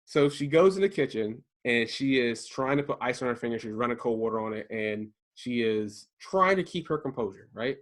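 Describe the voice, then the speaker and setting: A man's voice: moderate pace, few pauses. Guy in his 30s telling a story to a buddy, loose and chatty, voice jumps way up on the quotes. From Prince George's County, Maryland. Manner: animated, acts out quotes with big jumps in pitch. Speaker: podcast co-host telling a story. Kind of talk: casual storytelling chat.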